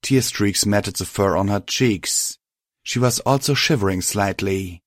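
A man reading a first-person story aloud in a steady, measured way. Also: lowish voice, dry recording, studio quality. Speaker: reader. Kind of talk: first-person fan fiction audiobook narration.

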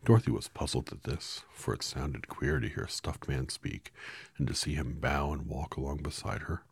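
A man's voice: a bass voice, normal speed, vocal fry, breathy edge. A man reading a storybook aloud in a casual way, now and then correcting his own slips. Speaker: reader.

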